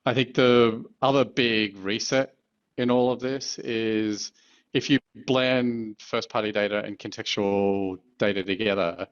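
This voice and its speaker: A man working as an advertising executive, answering interview questions in a measured, thoughtful way with the odd filler. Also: on the low side, highs cut off.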